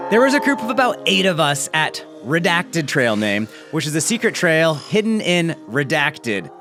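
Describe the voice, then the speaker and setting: A man's voice: on the high side, moderate pace, hardly any pauses, soft background music. A man hosting a mountain bike video, reading a viewer's story aloud with chatty, joking asides. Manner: lively, chatty, jokey asides.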